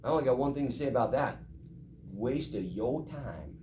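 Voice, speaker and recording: A man's voice: medium pitch, animated, normal speed, dark tone, roomy sound, a little hiss or hum. A middle-aged man teaching a math class, emphatic and joking, recorded from far off in a classroom. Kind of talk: classroom lecture.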